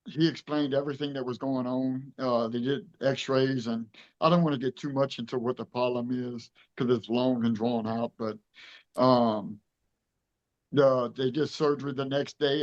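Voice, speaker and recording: A man's voice: medium pitch, fairly even intonation, moderate pace, lo-fi sound. A man in his fifties from Louisiana, telling his story in an interview with earnest emotion and acting out the dialogue. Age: 50s. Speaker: truck show director being interviewed.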